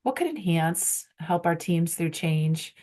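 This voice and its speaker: A woman's voice: fairly low pitch, expressive, slow pace, mellow. A woman giving a conference presentation on workplace change, posing strings of rhetorical questions to the audience with frequent ums.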